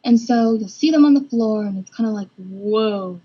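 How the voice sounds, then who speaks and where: A woman's voice: fairly high pitch, a little fast, dark tone, husky. A young woman presenting a storyboard casually, with many "kind of" and "like" fillers. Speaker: student presenter. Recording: dull lo-fi recording.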